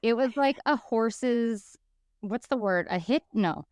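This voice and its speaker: A woman's voice: on the high side, slow pace, dry recording. A woman co-hosting a podcast, telling a story in casual chat and acting out the people she quotes. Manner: animated, acts out quoted people. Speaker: podcast co-host.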